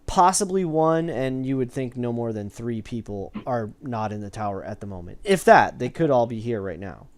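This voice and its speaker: Lively-voiced man running a tabletop game. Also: medium pitch, normal speed, few pauses, no room sound. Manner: hedging, rambling narration. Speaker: game master.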